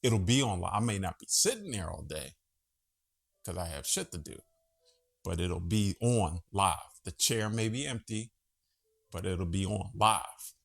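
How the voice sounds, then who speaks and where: A man's voice: sits low, animated, unhurried, gravelly, a bit bright. A man hosting a casual monologue vlog from home, chatty, profane and easily sidetracked. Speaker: vlogger host.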